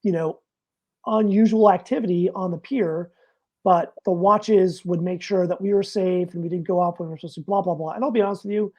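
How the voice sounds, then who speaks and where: A middle-aged man, a retired Navy master chief, telling a story in casual talk, animated and swearing freely. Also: high-pitched, fairly quick, muffled recording.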